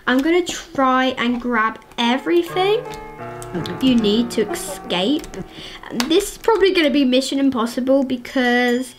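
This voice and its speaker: Excitable high-voiced woman gamer. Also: measured pace, soft background music. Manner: chatty, excitable, addresses viewers as guys. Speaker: gaming channel host. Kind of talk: casual gameplay commentary.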